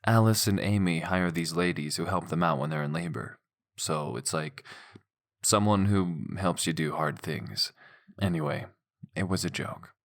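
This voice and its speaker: A man voicing an easygoing but stubborn young man in an audiobook, talking in a low, blunt, offhand way. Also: measured pace.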